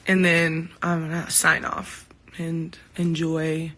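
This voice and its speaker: Woman, casual phone-livestream chat; bright, forward tone, heartfelt and candid, swears freely. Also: deep voice, monotone, slow pace. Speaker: singer hosting a livestream.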